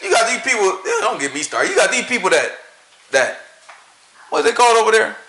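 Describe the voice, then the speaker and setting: Southern guy going off, bright sharp voice, preachy and argumentative, echoey room. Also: high voice, huge pitch swings, brisk. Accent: Southern American. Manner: preachy, argumentative, rhetorical questions, laughs at own points. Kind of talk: casual ranting monologue.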